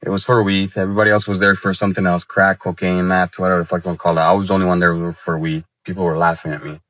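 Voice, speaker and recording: A man's voice: low-pitched, flat delivery, very fast, a bit bright. A man in his late twenties ranting casually and heatedly to his viewers, with lots of swearing and slang. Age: 20s. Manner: heated, profane, slangy talk. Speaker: vlogger. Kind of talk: casual rant to camera.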